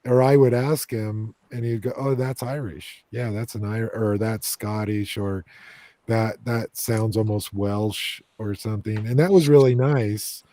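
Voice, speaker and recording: A playful American man hosts a loose paranormal chat over a video call. His voice is mellow and soft-edged, and the sound is dry and close. He teases his co-hosts good-naturedly. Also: lowish voice, steady tone, unhurried, no room sound. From United States. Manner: playful, teasing banter. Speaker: paranormal investigator and host. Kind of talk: casual group chat.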